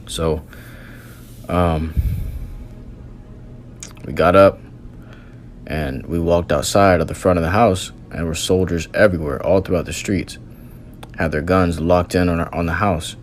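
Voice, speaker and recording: A man's voice: low-pitched, steady tone, measured pace, pauses often, a little hiss or hum. A man earnestly recounting a religious vision as a testimony, in loose storytelling with many fillers.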